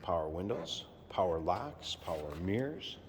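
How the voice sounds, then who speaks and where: Car salesman, male, low voice, easygoing walkaround pitch, long reverb from a big room. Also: a little slow, a little hiss or hum. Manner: relaxed, plainspoken, repeats key points.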